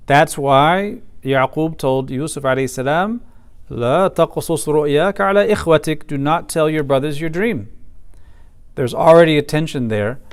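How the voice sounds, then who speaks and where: A man's voice: fairly high pitch, smooth. A man teaching a Quran commentary class, explaining the text step by step and reciting Arabic phrases. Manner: methodical, stresses points and recites Arabic phrases.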